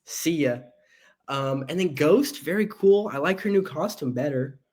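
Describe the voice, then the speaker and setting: Guy on a movie podcast, kinda high voice, playful trash talk and quick asides. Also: animated, a little mellow. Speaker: podcast co-host. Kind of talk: casual movie podcast chat.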